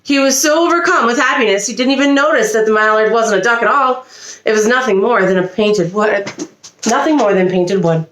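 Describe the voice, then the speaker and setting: Expressive woman reading a storybook aloud. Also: fairly high pitch, brisk, echoey room, slight background noise. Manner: expressive, animated reading with small slips. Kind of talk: reading a picture book aloud. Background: a child nearby.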